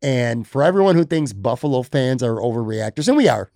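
A man hosting a casual sports podcast who talks in an excitable, knee-jerk way. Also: medium pitch, fairly quick, no echo, clean studio sound. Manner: excitable, self-admitted knee-jerk reactor. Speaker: podcast host.

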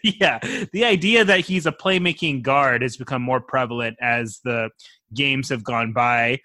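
A man's voice: mid-range voice, normal speed, pushed and bright, dry recording. A man co-hosting a basketball podcast, talking in a casual, blunt, joking way. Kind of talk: casual chat.

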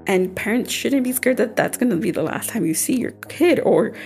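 Young woman with a gravelly voice. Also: a little high, animated, normal speed, a little mellow. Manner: conversational, loose, with frequent fillers and restarts. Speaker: podcast co-host. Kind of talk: casual chat.

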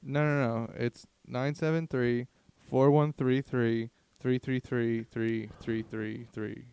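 A man's voice: mid-range voice, flat delivery, takes it slowly, a little mellow, clear, resonant tone. A young man co-hosting a podcast, rambling through crude, profane comedic banter. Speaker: podcast co-host.

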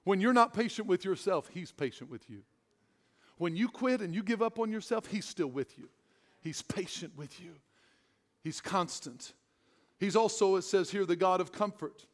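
Male pastor, high voice, excited sermon delivery with quiet tender dips, in a church hall with a long reverb tail. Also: moderate pace. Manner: swings from loud excited preaching to hushed tender speech.

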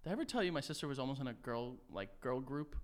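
A man's voice: mid-range voice, expressive, fast talker. A young man co-hosting a podcast, telling a rambling story in casual chat, laughing and swearing as he goes. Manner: rambling, laughs through his own stories, swears often. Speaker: podcast co-host.

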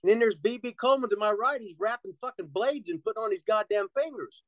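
A man's voice: high voice, quick pace, no echo, poor audio. A man telling rambling, profane stories as a guest in a casual interview, laughing often.

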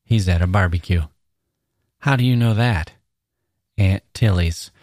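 A man reading the part of a menacing, smooth-talking male stalker, coaxing in a casual drawl full of slang. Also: low voice, measured pace, a little mellow, no room sound, studio quality.

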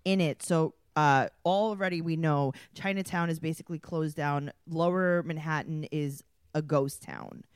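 A woman's voice: deep voice, steady tone, measured pace, clear, resonant tone, no room sound, clean studio sound. A woman hosting a casual podcast, teasing her co-hosts with sarcastic questions. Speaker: podcast host. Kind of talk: casual chat.

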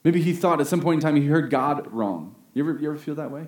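A man preaching a sermon, earnest, rising to emphatic peaks and slowing down on key phrases. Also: on the high side, a little mellow. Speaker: pastor. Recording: roomy echo.

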